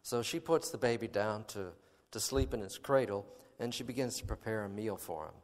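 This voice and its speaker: A man's voice: lowish voice, normal speed, long reverb tail. A man preaching a sermon, reading a story aloud with dramatic, emphatic delivery and filler words between passages. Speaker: pastor.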